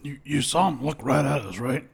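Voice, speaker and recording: A man playing a tabletop game in character, casual and quick with playful protests. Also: medium pitch, vocal fry, slightly rough. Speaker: player.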